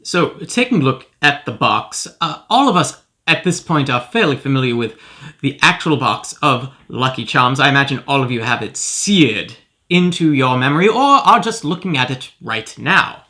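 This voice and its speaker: A man's voice: mid-range voice, expressive, moderate pace, bright, forceful tone. A man doing a pompous professor host. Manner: pompous, self-important, mock-scholarly. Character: pompous male professor cereal reviewer. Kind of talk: comedic character monologue.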